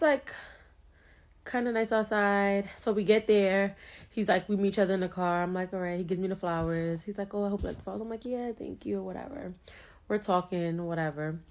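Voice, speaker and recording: Chatty woman telling a date story. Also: on the low side. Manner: chatty, filler-heavy retelling with quoted dialogue. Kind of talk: casual story time.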